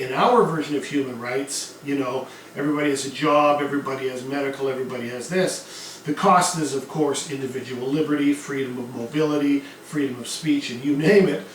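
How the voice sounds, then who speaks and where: A man teaching a history lesson in a conversational lecture style, with fillers and self-corrections. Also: medium pitch. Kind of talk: classroom lecture. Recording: distant mic, very echoey room, faint noise.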